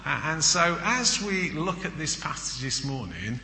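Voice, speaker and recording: A man delivers a sermon as a visiting preacher, talking through stories with frequent "uh"s and restarts. His voice is bright and pushed, and the church is roomy, with a long, lingering reverb. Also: fairly high pitch, very animated, unhurried, creaky. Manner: chatty storytelling with frequent "uh" and repeated words. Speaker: guest preacher.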